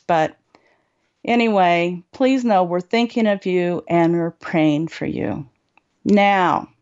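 A woman hosting a support group show, calmly coaching listeners on what to say to people. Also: lowish voice. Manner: slow, deliberate, coaching. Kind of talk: advice talk to listeners. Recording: dull lo-fi recording.

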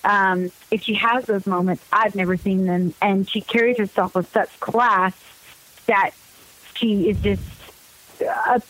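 A young adult woman, a guest in a casual interview, talking in an outgoing, animated way with lots of fillers. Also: medium pitch, a little slow, poor audio.

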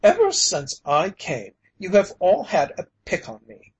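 A man voicing an outraged old bearded easterner who shouts indignant accusations. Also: high voice, huge pitch swings, a little slow, husky, pitched above the performer's own voice, full character voice. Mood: accusing.

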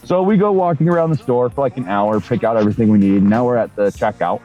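A man casually telling a profane story on a podcast in a deadpan way. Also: mid-range voice, fast talker, muffled recording, soft background music. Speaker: podcast co-host.

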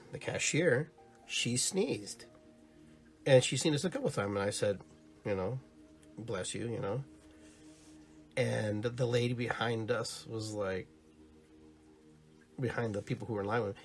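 A man of middle pitch hosts a live spiritual talk show, speaking straight to his listeners. He rambles and muses, restarts his sentences, and livens up when a story comes along. Faint music plays softly behind him. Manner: rambling, musing, with many restarts and "you know" asides; animated when telling stories. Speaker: podcast host on spiritual and holistic topics. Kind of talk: casual live monologue to listeners.

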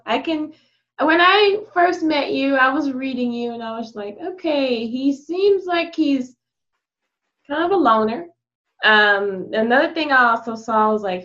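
A woman's voice: high-pitched, animated, measured pace, bright, forceful tone. A woman from Texas with a Texas accent, chatting casually as a podcast guest and laughing often. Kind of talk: casual chat. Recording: dull lo-fi sound.

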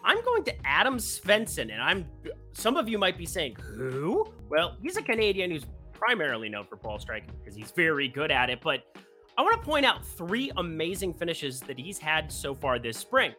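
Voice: medium pitch, huge pitch swings, moderate pace, sharp tone, faint music behind. Upbeat golf bettor with rising inflections. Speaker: sports betting host. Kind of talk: casual golf betting picks.

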